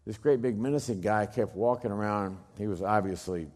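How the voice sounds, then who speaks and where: Middle-aged guy telling a story, loud bursts then real quiet bits, very dramatic. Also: a little fast. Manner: emphatic, swings from loud bursts to hushed low lines. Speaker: speaker telling a personal story.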